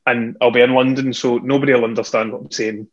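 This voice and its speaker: A Scottish man talks from home through an earphone on a video call, a singer in casual chat. He is self-deprecating and laughs often, with a mid-range pitch. The call audio sounds dull and lo-fi. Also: level tone, quick pace. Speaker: singer and guest. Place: at home indoors. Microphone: earphone headset on a video call.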